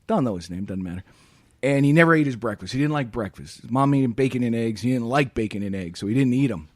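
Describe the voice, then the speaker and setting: A man's voice: medium pitch, lively intonation, quick pace, dry recording, studio quality. A middle-aged man co-hosting a casual chat show, telling rambling stories and acting out bits of dialogue. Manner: rambling storyteller, acts out voices. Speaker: podcast co-host.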